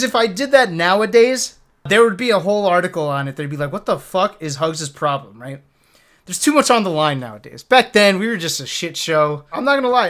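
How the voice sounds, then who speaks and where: A man in his thirties, a streamer, telling a story casually on a live stream with lots of swearing and laughter. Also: high-pitched. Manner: animated, profane, laughing storyteller.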